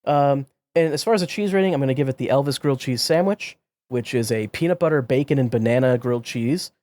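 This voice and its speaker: A man's voice: mid-range voice, fast, a little mellow. Blunt, swearing male podcast co-host. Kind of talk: casual chat.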